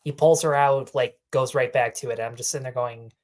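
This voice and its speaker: A man hosting a casual film review chat, telling animated stories and swearing freely. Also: medium pitch, a little fast. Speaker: podcast host.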